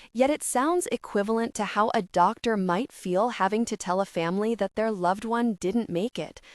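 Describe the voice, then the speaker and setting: Audiobook narrator, woman, mid pitch, first-person storytelling, dry close-miked studio. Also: dry recording, far from the mic.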